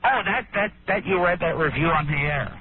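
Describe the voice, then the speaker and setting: A male comedian calling in by phone, stammering and joking in a deadpan way. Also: on the high side, a little fast. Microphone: telephone line. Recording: tinny phone line with noise.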